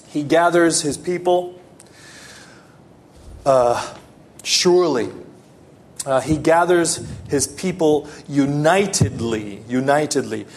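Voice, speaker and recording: A man preaching a sermon as pastor, emphatic and repetitive, with halting restarts and fillers, sinking to hushed low lines.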